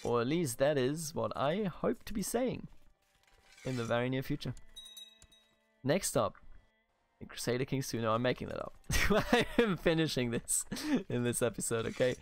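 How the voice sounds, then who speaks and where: A man's voice: mid-range voice, very animated, moderate pace, vocal fry, pauses often, soft background music. German-accented man chatting over gameplay. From Bavaria, Germany. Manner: chatty, swears, laughs, talks to game characters. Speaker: let's play host. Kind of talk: casual gameplay commentary.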